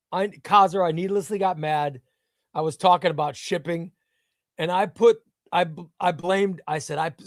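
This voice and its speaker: A man's voice: fairly high pitch, no echo, studio quality. A man hosting a casual live stream, reading viewer chat and rambling, often repeating himself. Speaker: livestream host reading chat.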